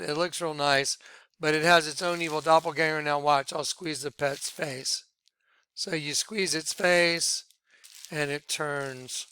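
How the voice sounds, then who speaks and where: A man leading a ministry, talking viewers through images on his screen in an excitable, repetitive way. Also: fairly high pitch, clear, resonant tone, dry recording. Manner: excitable, repeats himself, points things out to viewers. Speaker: ministry leader presenting on screen. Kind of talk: screen-share commentary.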